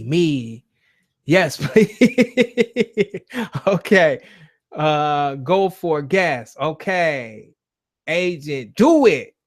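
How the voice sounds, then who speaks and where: A man hosts a loose call-in livestream with a slightly raised pitch. He talks in an emphatic, preaching way, swears freely and keeps turning to his viewers and their chat. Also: a bit bright. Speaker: host of a call-in show.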